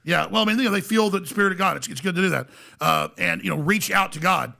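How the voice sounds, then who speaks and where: A man guest on a podcast, telling a story in an excitable way, stumbling and restarting and acting out what people said. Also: high voice, fast, vocal fry. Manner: excitable, many restarts, acts out quotes. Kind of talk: animated storytelling.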